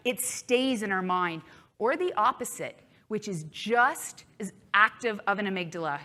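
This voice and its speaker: A woman's voice: medium pitch, expressive, measured pace, pushed and bright. A woman keynote speaker giving a chatty live talk to an audience, acting out inner thoughts playfully.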